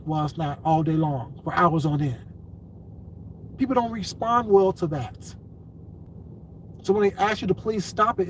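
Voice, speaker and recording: A man on a live stream addresses his viewers in a long, blunt lecture that tips into cursing. His voice sits a little high. He is a little away from the microphone, with faint room noise behind him. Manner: lecturing, then cursing angrily. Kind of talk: live-stream rant to chat. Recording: distant mic, faint ambient noise.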